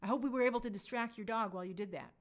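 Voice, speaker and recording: A woman's voice: fairly high pitch, racing. A woman hosting a casual live stream, reading viewer comments aloud and reacting in an upbeat, chatty way. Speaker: livestream host reading chat.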